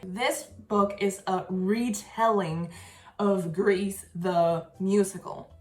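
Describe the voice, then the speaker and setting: A young woman in a casual book vlog talks through her reading with bubbly enthusiasm. Her voice sits at a middle pitch, and the room around her rings with a noticeable echo. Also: fairly even intonation, slow pace, soft background music. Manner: chatty and enthusiastic, with laughs. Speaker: book vlogger.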